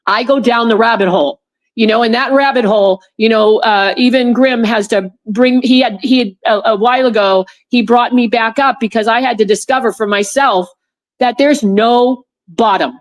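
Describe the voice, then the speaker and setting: On a video call, a woman being interviewed tells a personal story, rambling with many restarts and repeated words. Her voice is on the high side and moderately paced, and she becomes animated when recounting what her friends said.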